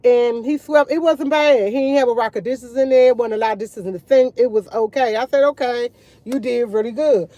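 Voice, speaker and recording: A woman's voice: on the high side, a little fast, few pauses, warm tone, no echo. A woman chatting casually to her viewers over morning coffee, rambling and repeating herself as she tells stories. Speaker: vlogger.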